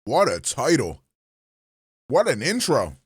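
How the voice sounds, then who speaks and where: A man's voice: medium pitch, wildly swooping pitch, slow, background noise. A man streaming live, chatting casually and crudely with his chat. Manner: crude, joking, talks to chat.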